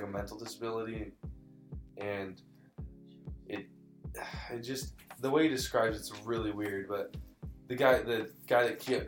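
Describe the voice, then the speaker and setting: A young man in casual chat, recounting a creepy story with a slightly low voice. He rambles, loses his place and apologizes before pushing on. The room is echoey, with soft guitar music under him. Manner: rambling, restarts and apologizes, says dude and bro.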